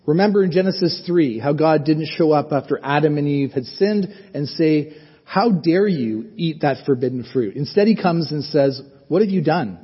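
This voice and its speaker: A male pastor delivers a sermon in an earnest, conversational way, putting rhetorical questions to his listeners. His voice sits a little high and sounds husky. The recording is somewhat muffled and carries a long reverb, as from a large hall. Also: animated, normal speed.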